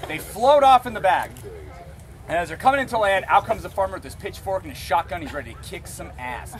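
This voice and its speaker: A man's voice: sits high, lively intonation, a little fast. A man leading a balloon ceremony, telling a rambling, profane, joking story to a group outdoors. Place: outdoors among a gathered crowd. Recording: outdoor crowd chatter behind.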